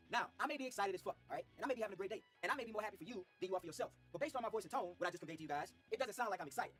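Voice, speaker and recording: A man's voice: sits high, lively intonation, rapid-fire, fairly bright tone, faint music behind. A man coaching men on social skills in a video clip, preachy and slangy, calling them fellas. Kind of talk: motivational video talk.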